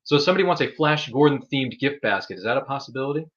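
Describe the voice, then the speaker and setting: Fast-talking rambling male show host. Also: mid-range voice, expressive, fairly bright tone, dull audio. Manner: rambling, jokey, playful asides. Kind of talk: casual chat show hosting.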